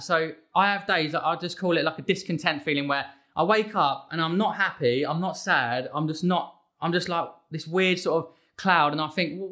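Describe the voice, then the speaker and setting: A man with a bright, forceful voice and a slightly high pitch who rattles along at speed. He is a fitness trainer in a relaxed interview conversation, excitable and emphatic, and he tumbles from one thought into the next.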